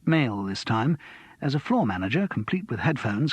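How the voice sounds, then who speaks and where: A man narrating an audiobook in an expressive, lively storytelling manner. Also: medium pitch, moderate pace, slightly rough, no echo, muffled recording. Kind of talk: scripted narration.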